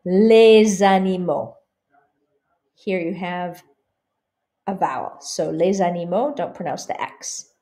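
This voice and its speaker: A woman talks through a pronunciation lesson at an unhurried pace, her voice mellow and soft-edged. She says each practice phrase carefully and distinctly, then drops to a quieter tone to explain it. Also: on the low side. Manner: models French phrases slowly and clearly, then explains in a quieter voice. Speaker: French teacher. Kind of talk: slow explanatory lesson over slides.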